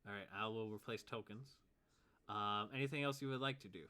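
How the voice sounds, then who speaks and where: A man runs a tabletop game as its game master, his voice very bright and forceful. He is laid-back, chuckles easily and counts out movement step by step. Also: on the low side, steady tone, a little fast, clear, resonant tone.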